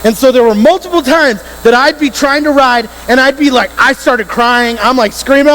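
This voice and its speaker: A man preaching to a youth group, telling a story in an animated, emphatic way and speaking straight to the teens. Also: very high voice, normal speed, few pauses. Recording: hall reverb with faint electrical hum.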